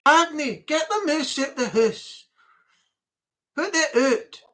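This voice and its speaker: A live-stream host putting on a jokey mock-Scottish man, with sing-song, drawn-out vowels. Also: high-pitched, sharp tone, pitched above the performer's own voice, heavily acted. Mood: excited.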